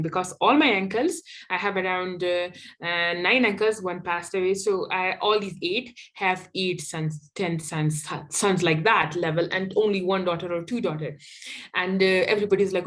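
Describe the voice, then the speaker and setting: Young afghan woman, activist guest, talks emphatic and candid, lots of quick restarts. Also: mid-range voice, fairly bright tone. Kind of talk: personal storytelling in an interview.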